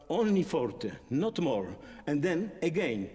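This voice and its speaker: A man teaching a violin masterclass, singing musical phrases in syllables and explaining tempo and dynamics in halting speech with many fillers. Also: on the high side, very animated, dark tone, slightly rough. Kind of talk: masterclass instruction. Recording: long hall reverb.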